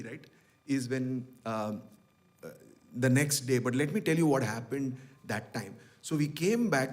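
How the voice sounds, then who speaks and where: A middle-aged man, telling personal memories to a devotional gathering and acting out the dialogue he quotes. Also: mid-range voice. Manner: animated storyteller, acts out quoted dialogue. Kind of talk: storytelling talk.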